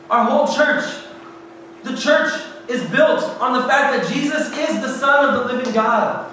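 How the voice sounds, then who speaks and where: A man with a high voice preaches as a youth pastor, retelling a story in the first person. He swings from hushed to loud. He is heard from across a very echoey hall with a faint hiss behind. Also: animated, moderate pace, far from the mic.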